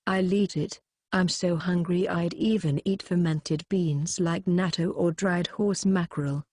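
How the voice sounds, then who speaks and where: A woman's voice: lowish voice, fairly even intonation, a little slow, a little mellow, dry recording, clean studio sound. A woman voicing a starving young nun who talks weakly and dramatically about food. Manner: weak, pleading.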